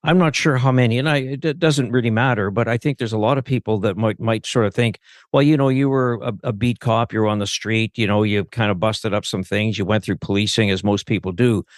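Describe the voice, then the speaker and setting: A man hosting an interview, asking measured, reflective questions. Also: on the low side, fairly even intonation, dry recording, clean studio sound. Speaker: interviewer host.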